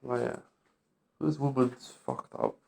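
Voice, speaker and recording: A man with a gravelly, creaky voice talking in a bitter, agitated vlog rant. He swears freely and sounds worn out and fed up. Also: mid-range voice, wildly swooping pitch, slow, a little mellow. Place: London street.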